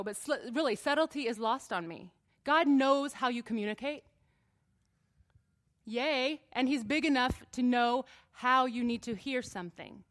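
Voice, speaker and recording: A woman preacher giving a sermon to a live congregation in a church, conversational and joking, moving from quiet asides to emphatic passages. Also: fairly high pitch. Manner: jokes and laughs with listeners.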